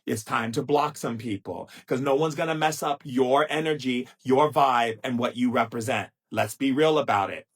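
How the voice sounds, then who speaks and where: Speaking at a moderate pace with hardly any pauses, this middle-aged man has a husky, mid-range voice. He's a spiritual teacher running a live stream, chatting casually and playfully, calling his audience pet names and imitating dull, monotone talkers with plenty of sass.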